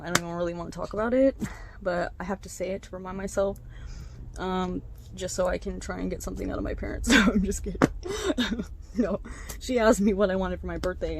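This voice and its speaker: A young woman vlogging to camera, retelling neighborhood gossip in a casual, animated way with voiced quotes, fillers and laughs. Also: on the low side, background noise. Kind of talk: casual storytelling chat.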